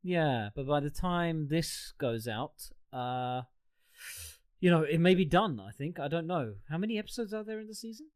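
A man's voice: on the high side, animated, clean tone. Chatty male podcast host, loose and jokey, on a video call. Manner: chatty, rambling, quick to joke. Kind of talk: casual chat.

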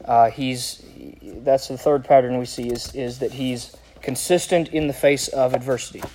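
A man's voice: mid-range voice, steady tone, moderate pace, a little mellow. A man preaching a verse-by-verse sermon in an easy, conversational way, asking rhetorical questions and lifting his voice when he reads scripture. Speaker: pastor. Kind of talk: expository sermon.

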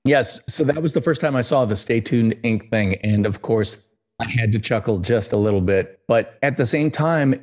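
A man's voice: lowish voice, darkish tone. An American man hosting a podcast interview, chatty and joking, with rambling asides. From United States. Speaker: podcast host. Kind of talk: casual interview chat.

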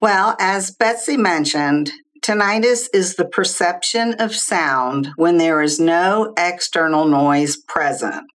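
A woman who is a social worker, a guest expert giving measured, explanatory interview answers. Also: fairly low pitch. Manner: measured, explanatory, lists figures clearly.

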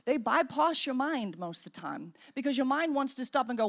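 Woman pastor with a high voice, animated preacher who acts out inner dialogue. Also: brisk. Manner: demonstrates praying in tongues. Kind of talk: sermon.

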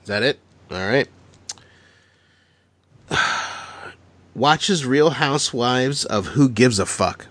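A man's voice: medium pitch, animated, slow pace, long pauses, a bit bright, dry recording. A man hosting a casual podcast game, talking loosely, laughing and swearing into a podcast microphone. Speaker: podcast host running a guessing game.

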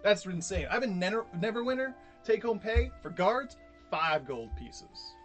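A man's voice: high voice, animated, moderate pace, soft background music. A man speaking in character at a tabletop game, preachy and insistent like he's giving a speech. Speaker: player. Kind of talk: in-character role-play.

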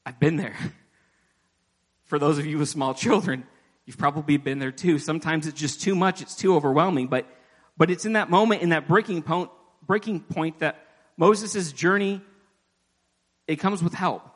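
A man's voice: a little high, moderate pace, pauses often. A man preaching a sermon in a church, talking to the congregation in a conversational way, with self-deprecating asides and acted-out prayers. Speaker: pastor. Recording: long reverb of a large hall.

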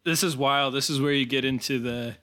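A man's voice: mid-range voice, fairly even intonation, fairly quick, sharp tone. Man musing aloud in casual chat. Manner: musing, thinks aloud with restarts. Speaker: podcast co-host.

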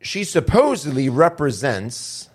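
A man's voice: mid-range voice, sing-song, slightly rough. A man hosting a political talk podcast in a studio, reading quotes aloud and often stopping to restart. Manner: reads quotes aloud haltingly, frequent restarts. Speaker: host.

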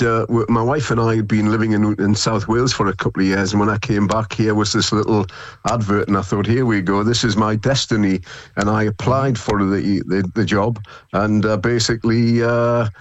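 A man's voice: lowish voice, dry recording. A man in his seventies, a radio football commentator, talking in casual chat on air, rambling and repeating his words as he tells stories. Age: 70s.

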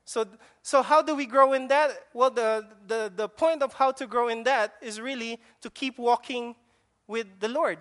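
A man's voice: very high voice, fairly even intonation, moderate pace, fairly bright tone. A male pastor preaching a sermon in a conversational way, asking the congregation rhetorical questions.

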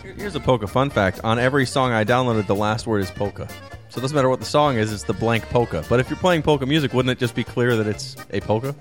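A man's voice: mid-range voice, fast, faint music behind. A man co-hosting a podcast, giving wry, joking remarks while tasting beer. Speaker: podcast co-host.

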